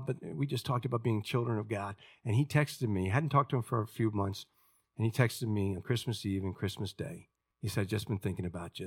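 Older guy pastor preaching in church, lowish voice, tells stories, kinda rambly. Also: husky. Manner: conversational storytelling with frequent restarts. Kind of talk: sermon.

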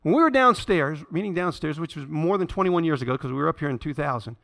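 A man's voice: a little high, fast, gravelly. A man pastor preaching a sermon, reading scripture aloud and mixing in conversational asides and stories, building to emphatic peaks.

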